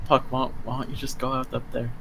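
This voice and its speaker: A man voicing a nervous male character in a tabletop game who talks haltingly and anxiously. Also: mid-range voice, completely flat delivery, vocal fry, noisy background, close to an everyday voice. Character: nervous male witness in hiding.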